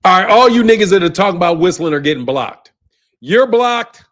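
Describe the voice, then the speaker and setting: A man with a fairly high speaking voice hosts a boxing livestream in a loose, profane rant. He laughs between lines and keeps tacking "bro" onto them. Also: lively intonation, fairly quick, fairly bright tone.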